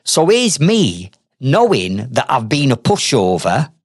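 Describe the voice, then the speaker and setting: A man's voice: mid-range voice, huge pitch swings, slow pace, husky, no room sound, clean studio sound. A man with a Northern English accent, hosting a podcast and telling a story in a blunt, conversational way. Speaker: podcast host, trades business owner. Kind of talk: storytelling monologue.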